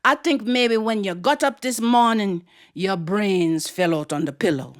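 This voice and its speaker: A woman voicing a tall, regal aunt, speaking in a stern, hushed, dryly teasing way. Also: mid-range voice, measured pace, close to an everyday voice.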